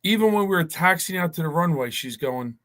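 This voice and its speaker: A man's voice: a little high, lively intonation, fairly quick, fairly bright tone. A man telling a long, rambling story in casual chat, with many restarts.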